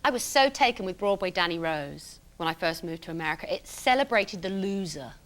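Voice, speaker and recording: A woman's voice: lowish voice, animated, a little fast, a bit bright. A middle-aged English woman, a comedian guest chatting cheekily on a talk show and laughing often. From Britain. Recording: noisy broadcast with studio audience. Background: audience laughter.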